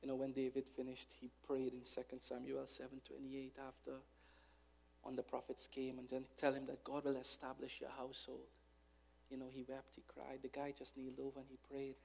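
A man preaching a fervent sermon as a pastor, building from calm urging to loud, impassioned exhortation. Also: mid-range voice, brisk, gravelly. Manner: fervent preaching, rising to shouts.

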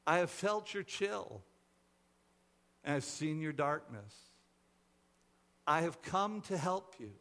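A man voicing a calm, gentle stranger who brings light, soft and reassuring. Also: fairly high pitch, slow pace, long pauses, exaggerated voice.

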